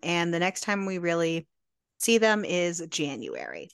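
A woman co-hosting a podcast, summarizing the story in a measured, casual way and drawing out her words. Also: fairly low pitch, wildly swooping pitch, fairly bright tone, clean tone. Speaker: podcast co-host. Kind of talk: casual book discussion.

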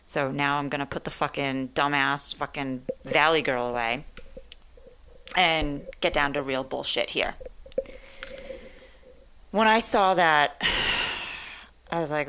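A woman's voice: low voice, a little slow, sharp tone, smooth. A young adult woman hosting a talk radio show, ranting in a blunt, profane, provocative way.

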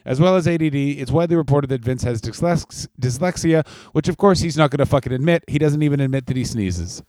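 A man's voice: mid-range voice, fast talker, hardly any pauses, a little mellow, dry recording. A man co-hosting a podcast in casual chat, swearing freely and riffing into mock announcements. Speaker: podcast co-host.

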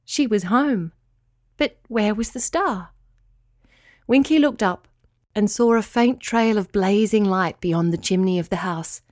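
Gentle woman reading a bedtime story. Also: mid-range voice, measured pace, no echo, clean studio sound. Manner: soft, gentle and expressive. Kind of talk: children's bedtime story narration.

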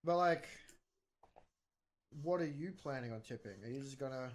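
A man's voice: medium pitch, normal speed. Young aussie bloke, casual banter, swears a lot, likes stirring his mate up. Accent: Australian. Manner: joking, swears casually, playful provocation. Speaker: podcast co-host. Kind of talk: casual chat.

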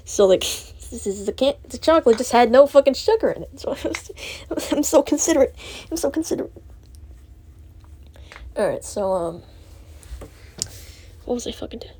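A woman's voice: on the high side, lively intonation, moderate pace, long pauses, darkish tone. Rambling, self-deprecating teenage girl. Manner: rambling and self-deprecating, with heavy filler words and swearing. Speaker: student vlogger. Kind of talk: rambling monologue.

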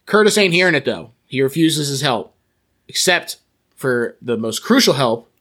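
A man's voice: medium pitch, sing-song, normal speed, a bit bright. Man casually recapping a film. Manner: recaps plot, acts out quotes with mock voices. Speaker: podcast co-host.

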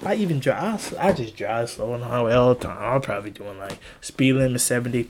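A young adult man hosting a podcast, talking in a casual, rambling monologue. He swears freely, and his voice jumps high in disbelief. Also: animated, fairly quick, slight background noise. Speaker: podcast host.

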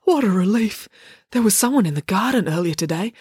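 A woman's voice: medium pitch, expressive, fairly quick, darkish tone, breathy edge, no room sound, clean studio sound, voice pushed up. A woman voicing a nervous, paranoid middle-aged father who startles at everything. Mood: jittery. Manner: nervous, alarmed exclamations.

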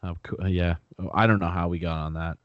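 Goofy young man with a low voice. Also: steady tone, fast talker, muffled recording. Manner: goofy, rambling, swears freely. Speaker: podcast co-host. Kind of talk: casual podcast chat.

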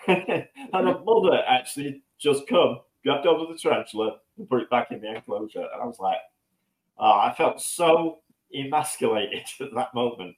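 A man co-hosting a podcast, an animated storyteller who pokes fun at himself in casual chat. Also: normal speed, poor audio. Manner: animated storyteller, self-mocking, jumps up in pitch on punchlines. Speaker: podcast co-host.

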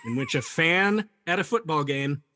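A man's voice: a little high, lively intonation, normal speed, sharp tone. A man hosting a comedy podcast who reads researched facts aloud and laughs easily. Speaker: podcast host presenting the story.

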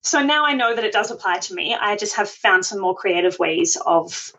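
A woman's voice: mid-range voice, animated, normal speed, fairly bright tone. Chatty woman on a dull lo-fi line. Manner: chatty, self-deprecating, laughs often. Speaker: podcast guest, food blogger. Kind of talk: conversational interview.

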